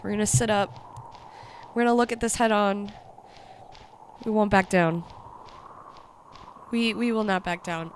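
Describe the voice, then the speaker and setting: A woman's voice: medium pitch, moderate pace, pauses often, slight background noise. Sniffly young woman reacting in fright. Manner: jumpy and excitable, swearing, yelping and whispering in fright. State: sick with sniffles. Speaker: YouTuber reacting to a horror series. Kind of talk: casual reaction commentary.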